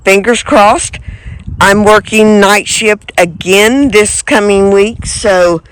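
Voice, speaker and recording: A woman's voice: mid-range voice, clean tone. A woman vlogging outdoors in her garden, talking casually with lots of ums and uhs. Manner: unhurried, many ums and uhs. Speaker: homesteading vlogger.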